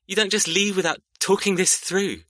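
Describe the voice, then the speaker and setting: A man's voice: sits high, steady tone, moderate pace, sharp tone, no room sound, studio quality. A man voicing an upset, protective adult brother in an audiobook, agitated and pleading. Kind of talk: audiobook character reading.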